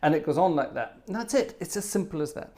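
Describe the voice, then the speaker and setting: A man's voice: on the high side, expressive, quick pace, a little mellow. An older man hosting an organ livestream, chatting casually between pieces in a rambling, self-deprecating way, chuckling and restarting as he tells a playful story. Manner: playful storyteller, puts on little voices.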